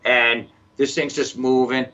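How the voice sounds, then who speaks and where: A man's voice: mid-range voice, a little slow, dull audio. A man telling a wild story in a casual podcast chat. He swears constantly and puts on the voices of the people in his story. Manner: profane, animated, acts out other voices. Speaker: podcast guest.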